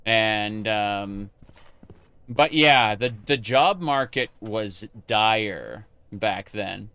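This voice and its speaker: A man's voice: on the low side, extremely slow, pushed and bright, clean tone. A man chatting casually with his live-stream chat while playing a game, rambling with many fillers and restarts.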